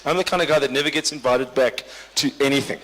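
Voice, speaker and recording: This male comedian hosting a corporate party speaks quickly at medium pitch, his tone fairly bright. He banters dryly with the audience in live crowd work, and the large hall adds a long reverb.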